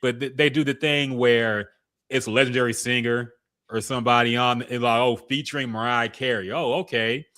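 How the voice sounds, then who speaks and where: A man co-hosting a podcast, giving relaxed, opinionated takes on music in casual chat and laughing often. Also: medium pitch, normal speed. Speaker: podcast co-host.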